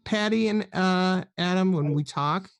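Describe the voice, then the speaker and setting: A man's voice: high-pitched, unhurried, vocal fry, clear, resonant tone, dry recording. A man from the United States, co-hosting a casual group stream and acting out quotes as he tells stories. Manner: animated storyteller acting out quotes. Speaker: stream co-host.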